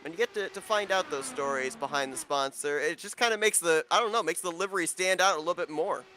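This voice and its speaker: A man's voice: on the high side, quick pace, pushed and bright, slight background noise. A man doing play-by-play commentary on a live racing broadcast, talking in a conversational way with frequent fillers.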